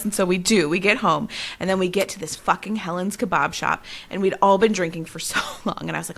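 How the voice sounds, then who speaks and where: A woman's voice: medium pitch, animated, a little fast, a bit bright. A young woman co-hosting a podcast, telling a story in casual chat and laughing often as she goes. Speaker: podcast co-host.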